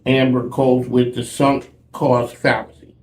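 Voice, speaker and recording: A man's voice: medium pitch, little pitch movement, measured pace. A man hosting a radio talk show, chatting casually and playfully with a guest. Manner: upbeat, playful host patter. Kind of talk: casual interview chat. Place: museum. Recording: echoey room with faint noise.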